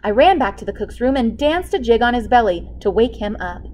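A woman librarian reading a picture book aloud to children with expressive storytelling. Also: fairly high pitch, fairly quick, slight background noise, low-quality recording.

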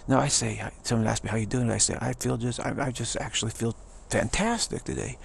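Gravelly, upbeat middle-aged man. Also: medium pitch, fairly quick, a little hiss or hum. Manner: enthusiastic, repetitive, chuckling often. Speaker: speaker giving a pep talk. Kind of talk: rambling motivational monologue.

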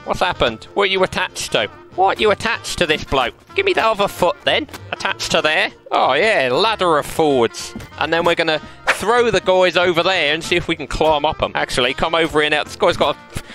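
A man's voice: on the high side, lively intonation, brisk, bright, forceful tone, soft background music. A man giving mischievous, playful commentary on a VR game while he plays, laughing often. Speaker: game streamer.

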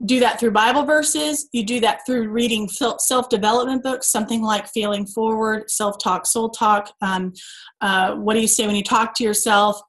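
A woman in her thirties giving an earnest, preachy motivational talk to her sales team, full of emphatic rhetorical questions. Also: on the high side. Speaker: team call speaker.

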